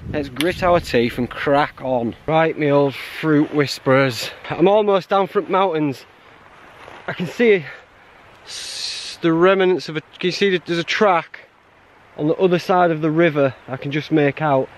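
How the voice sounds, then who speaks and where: A man's voice: fairly high pitch, measured pace, slight background noise. Chatty man hiking and filming. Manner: chatty, self-mocking, laughs often. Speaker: hiking vlogger. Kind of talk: casual vlog narration while hiking. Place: outdoors on a mountain trail. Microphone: handheld camera.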